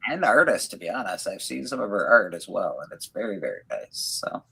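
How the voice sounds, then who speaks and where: A man's voice: on the low side, sing-song, fairly quick, vocal fry, bright, forceful tone, slightly rough, rough recording. A man chatting on a livestream panel, talking emphatically and laughing between remarks. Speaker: panel co-host. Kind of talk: casual livestream chat.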